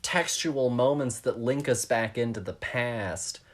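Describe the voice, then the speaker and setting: Co-hosting a film podcast, a man with a medium-pitched, unhurried voice talks casually and thoughtfully. He hedges, circles back, and restarts sentences as he works through his ideas.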